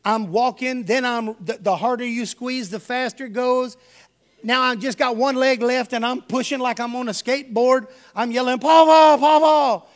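High-voiced preacher spinning folksy stories. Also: male voice, steady tone, normal speed, a bit bright. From Texas. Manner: folksy storytelling, addresses the congregation as y'all. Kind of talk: sermon with personal stories.

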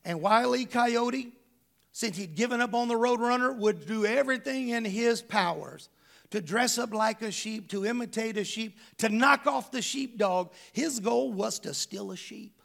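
A man's voice: very high voice, moderate pace, vocal fry, fairly bright tone. A middle-aged male pastor preaching a sermon, emphatic and conversational, full of rhetorical questions to the congregation.

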